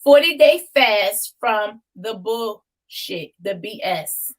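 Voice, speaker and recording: A woman hosting a livestream and wrapping up a casual chat in a relaxed, chatty way. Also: medium pitch, slow pace, crowd noise, poor audio. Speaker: livestream host.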